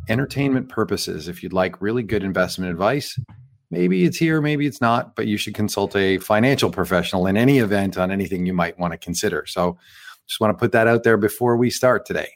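A man's voice: fairly low pitch, lively intonation, a little fast, no room sound, clean studio sound. A man hosting a casual podcast, reading a disclaimer in an offhand, joking way. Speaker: show host.

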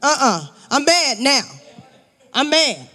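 A man's voice: extremely high pitch, big pitch swings, slow, bright, forceful tone, exaggerated voice. A preacher acting out an indignant, proud man of status who feels insulted and demands respect. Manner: exasperated, incredulous. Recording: long hall reverb.

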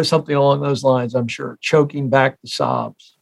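A man's voice: mid-range voice, lively intonation, normal speed, gravelly. A man in his forties from the United States, a career expert telling stories as an interview guest, emphatic and repeating key phrases for effect. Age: 40s. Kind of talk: interview storytelling.

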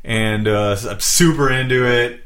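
A man's voice: medium pitch, a little slow, a bit bright. A laid-back American man hosting a casual podcast chat about music, rambling a little and swearing freely.

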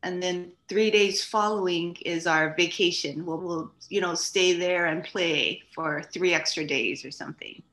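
A woman's voice: fairly low pitch, unhurried, few pauses. Chatty woman from Hawaii, roomy echo. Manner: animated, acts out quoted speech. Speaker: guest. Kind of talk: casual storytelling.

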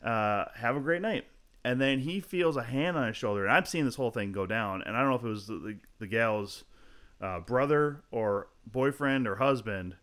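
A man spins a story from a gig gone wrong in a loose, casual podcast chat. His voice sits at a middling pitch. He acts out the other people in the story with quick changes of voice and swears freely along the way. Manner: animated, acts out quotes in shifting voices. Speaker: guest comedian.

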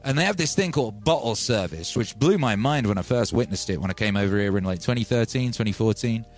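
A man from England hosting a livestream, telling stories in a rambling, animated way with many asides. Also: lowish voice, quick pace, faint music behind. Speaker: livestream host and music producer. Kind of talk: casual storytelling on a stream.

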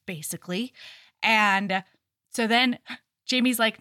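A woman's voice: mid-range voice, a little slow, no room sound, studio quality. A woman co-hosting a podcast, casually recapping a novel, acting out the characters' lines and swearing freely. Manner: animated storyteller acting out quotes, swears freely. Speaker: podcast co-host. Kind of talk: casual chat recapping a book.

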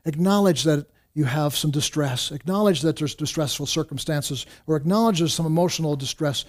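A man preaching a sermon, earnest, often repeating words and restarting, rising in pitch and force when he urges. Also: brisk. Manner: rises in pitch and volume when exhorting. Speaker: pastor.

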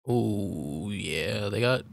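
Woman co-host, low voice, swooping, wry and teasing, casual chat. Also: expressive, very slow, vocal fry, dry recording, clean studio sound. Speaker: podcast co-host.

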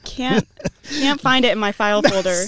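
A woman's voice: a little high, normal speed, background noise. A woman guest on a podcast who works in public relations, teasing the hosts with dry wit. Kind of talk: casual chat.

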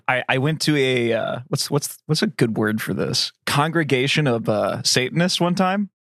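A man's voice: medium pitch, lively intonation, moderate pace, fairly bright tone, no room sound, clean studio sound. A man co-hosting a casual podcast, telling long rambling stories with plenty of swearing. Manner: rambling, profane storyteller. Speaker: podcast co-host. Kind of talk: casual chat.

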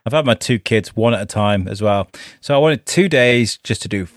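Animated man, dry close mic. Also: on the low side, normal speed, no room sound. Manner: animated, swearing storyteller who laughs often. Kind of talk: casual chat.

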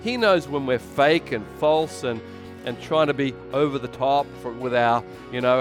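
Australian pastor preaching conversationally. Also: male voice, medium pitch, moderate pace, over music. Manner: conversational, energetic, frequent restarts. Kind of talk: sermon.

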